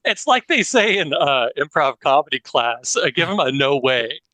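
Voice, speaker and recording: A man chatting animatedly on a video call as a player in a tabletop game, quick to laugh. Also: a little high, dry recording. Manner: animated, giggly. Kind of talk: casual chat.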